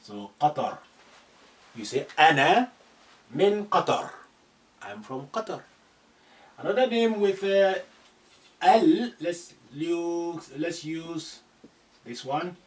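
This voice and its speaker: Slow, lively man teaching from a distance. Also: a little high. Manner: slow and deliberate, repeating phrases and spelling out sounds. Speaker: Arabic teacher. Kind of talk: classroom lesson. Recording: distant from the mic.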